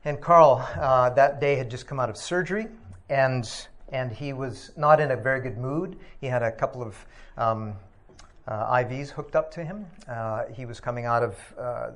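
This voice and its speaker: A middle-aged man giving a personal testimony, reflective and halting, with many pauses and filler sounds. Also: mid-range voice, gravelly. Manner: reflective, halting with frequent ums and uhs. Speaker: speaker sharing a personal testimony.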